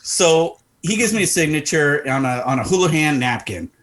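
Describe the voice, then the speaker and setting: His voice sits on the high side at a moderate pace. The middle-aged Arizonan co-hosts a podcast and, chatting casually, tells a story while lively acting out the voices in it.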